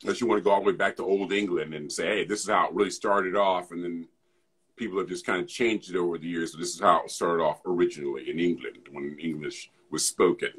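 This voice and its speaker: A man's voice: deep voice, fairly even intonation, fast talker, fairly bright tone, slightly rough. A man in easygoing casual chat, telling stories as co-host.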